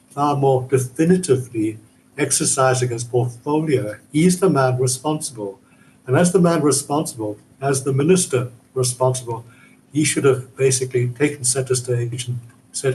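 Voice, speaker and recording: A male academic guest analysing events in a news interview, speaking in a measured, emphatic, explanatory way. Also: medium pitch, a little mellow, slight background noise, rough recording.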